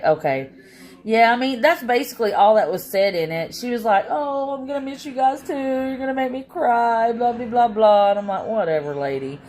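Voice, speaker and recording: A tired woman rambles through a casual live-stream chat from her home. Her talk is drawn-out and unhurried, full of fillers, and she sounds worn out after a long day. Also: mid-range voice, darkish tone.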